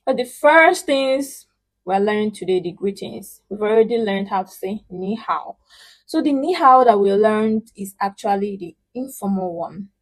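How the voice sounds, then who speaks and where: A woman's voice: medium pitch, animated. A woman teaching a spoken language lesson, patiently repeating words and stretching out syllables so learners can echo her. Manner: models pronunciation with emphatic, drawn-out syllables.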